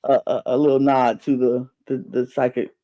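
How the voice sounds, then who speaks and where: A man's voice: medium pitch, flat delivery, normal speed, dark tone. A man co-hosting a podcast, chatting casually and rambling about a reality show with lots of fillers and restarts. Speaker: podcast co-host. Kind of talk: casual reality-TV recap chat. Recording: dull lo-fi podcast audio.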